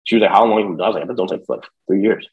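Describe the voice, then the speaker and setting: A man's voice: lowish voice, very fast, phone-quality sound. A young man casually telling a long personal story, swearing often and acting out the people in it. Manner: profane, streetwise, animated retelling. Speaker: podcast guest.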